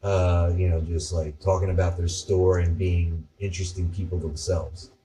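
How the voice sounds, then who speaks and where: Low-voiced guy rambling through stories on a podcast, swears some, a bit off mic. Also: flat delivery, moderate pace, distant mic, a crowd in the background. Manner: rambling, storytelling, profane. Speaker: podcast co-host. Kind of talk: casual chat.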